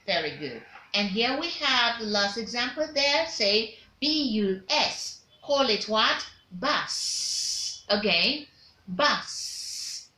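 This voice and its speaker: Drilling vowels with her learners, a female diction teacher gives a pronunciation lesson where they repeat each word back to her in call-and-response. Her fairly high voice has a sing-song lilt and a sharp edge, unhurried yet with hardly any pauses. The room sounds reverberant.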